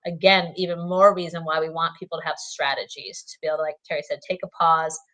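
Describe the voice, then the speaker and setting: A woman's voice: low voice, steady tone, fast, fairly bright tone. A woman guest on a podcast, talking casually and laughing often, with plenty of fillers. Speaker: guest, therapist and co-author.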